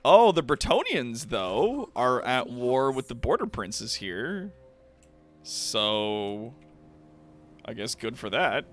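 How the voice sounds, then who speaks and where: Lively, chatty male game streamer. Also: mid-range voice, slow pace. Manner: chatty, laughs often, swears casually. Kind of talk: casual gameplay commentary.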